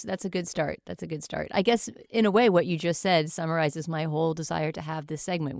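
A woman's voice: sits low, creaky, a little mellow, no echo, clean studio sound. An American woman hosting a podcast, talking reflectively in casual chat. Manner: reflective, repeats phrases. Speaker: podcast host.

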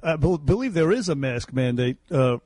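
A man with a slightly high voice co-hosts talk radio, agreeing with his partner. He stumbles and restarts often, padding his lines with hesitations. The sound is dry and close. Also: sing-song, fairly quick, a little mellow, no echo. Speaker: radio talk show co-host. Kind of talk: casual talk radio banter.

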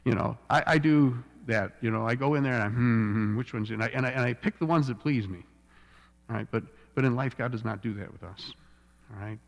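A man's voice: medium pitch, fast talker, gravelly. A man preaching a sermon in a conversational way, often repeating words and checking in with "all right?". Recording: long reverb of a church hall.

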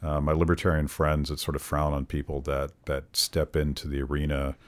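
A male host with a very low voice leads a relaxed interview conversation. He speaks in a measured, reflective way and pauses on fillers now and then.

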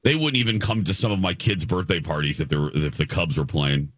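A man's voice: low voice, fairly quick, no echo, studio quality. A man from the Chicago area co-hosting a radio show, chatting with enthusiasm and often restarting his sentences. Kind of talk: casual chat.

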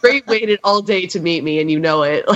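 Young woman gushing on a podcast, giggly and excited, lots of laughs. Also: mid-range voice, dull audio. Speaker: podcast co-host. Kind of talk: casual chat.

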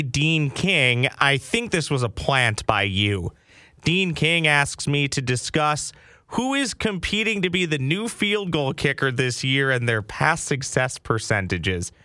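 A man hosting a casual sports podcast, joking around and swooping up in pitch. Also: clear, resonant tone, no echo. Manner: jokey, animated, swoops up in pitch. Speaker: podcast host.

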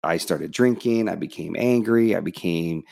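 A man speaks with a fairly low voice, open and frank about his own life. He slips into the voices of people from his story now and then. The sound is dry and close. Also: moderate pace, gravelly, a little mellow, no echo. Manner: candid storytelling, acts out past dialogue. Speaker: podcast guest. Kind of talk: casual interview chat.

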